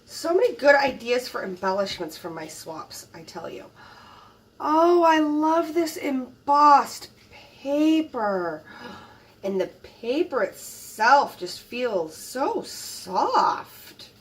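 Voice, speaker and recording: Slow, gushing woman unboxing crafts. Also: on the high side, very animated, far from the mic. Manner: gushing, admiring, many soft exclamations. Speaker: crafting channel host. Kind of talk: casual unboxing narration.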